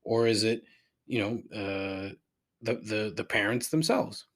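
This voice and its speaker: A middle-aged man hosting a podcast, rambling through a profane rant that climbs in pitch when he gets riled. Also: fairly even intonation, a little slow, a bit bright. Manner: rambling and repetitive, swears freely, rises in pitch when riled. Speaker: podcast host. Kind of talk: casual profane ranting monologue.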